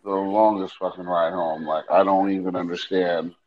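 A man co-hosting a podcast, telling loose, profane stories in casual chat and acting out lively retellings. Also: deep voice, normal speed, dull audio. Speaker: podcast co-host.

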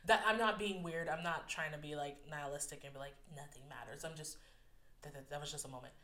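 Bright-voiced woman reflecting candidly. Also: sits low, fairly even intonation, fast, echoey room. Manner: open, self-deprecating, stumbles over words.

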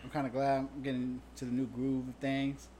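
A man co-hosting a podcast, animated and quick to break into laughter. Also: a little hiss or hum. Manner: animated, bursts into high laughter. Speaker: podcast co-host. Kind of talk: casual podcast banter.

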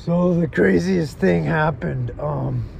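A man's voice: fairly high pitch, takes it slowly, creaky, a little mellow, a little hiss or hum. A young man co-hosting a podcast, improvising a comedy sketch in a laid-back way, calling people dude and bro. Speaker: podcast co-host.

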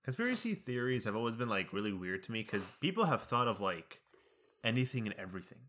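A young man co-hosts a casual podcast and drops quick, jokey asides. His voice sits fairly low yet sounds bright and forceful. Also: big pitch swings, a little hiss or hum. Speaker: podcast co-host. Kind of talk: casual chat.

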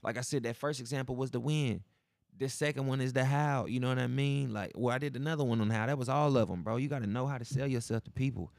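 A man's voice: mid-range voice, fast, gravelly, a little mellow, no echo, clean studio sound. A man hosting a podcast, talking alone in a loose, profane, slang-heavy style, acting out the people in his stories. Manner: loose, profane storytelling with slang and reenacted dialogue. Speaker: podcast host. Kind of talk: casual monologue.

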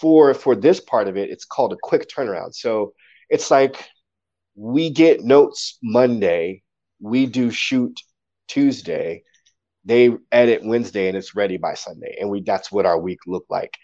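A man, a poet, telling stories casually in an interview, animated and acting out quotes. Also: lowish voice, a little slow, dull audio.

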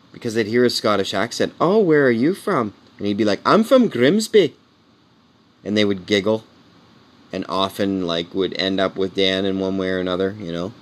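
A man in his forties, a comedian, talking in a casual, candid monologue and tossing in "man" and "you know" as he rambles. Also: sits low. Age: 40s. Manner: earnest and heartfelt. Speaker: comedian podcast host.

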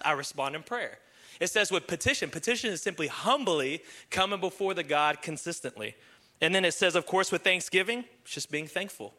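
A young male pastor preaching with a bright, forceful, high-set voice. He tells stories animatedly, cracks jokes and slips into excited impressions of the people in them. His tone stays lively and casual even as he gives application. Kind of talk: sermon with storytelling.

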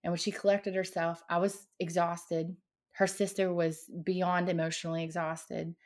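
A woman's voice: lowish voice, flat delivery, normal speed, a little mellow. A woman guest on a podcast, telling a personal paranormal story in a dramatic, vivid way.

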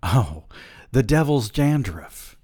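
A man's voice: medium pitch, big pitch swings, slow pace, dark tone, slightly rough, dry recording, studio quality, voice pushed up, heavily acted. A man voicing a cocky, druggy adult male friend who wisecracks in a smug tone. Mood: sardonic.

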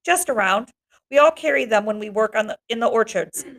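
A woman voicing a small, shy young girl in a read-aloud of a book, speaking softly and tentatively. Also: a little high, expressive, fairly quick. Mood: gentle.

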